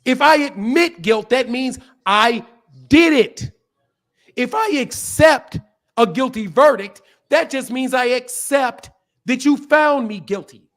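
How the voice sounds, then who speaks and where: A man hosting a heated online debate, his voice pitched high and swinging widely as he hammers the same point again and again. He swears freely and cuts across the other speaker without letting up. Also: lively intonation, takes it slowly, a bit bright. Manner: combative, repeats himself, swears, talks over the caller. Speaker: boxing channel host.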